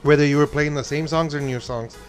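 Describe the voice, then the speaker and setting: A man's voice: fairly high pitch, fairly even intonation, a little fast, soft background music. A man from El Paso co-hosting a pop-culture podcast in casual chat, rambling with frequent restarts. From El Paso, Texas. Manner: rambling, frequent restarts, quotes voices playfully. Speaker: podcast co-host.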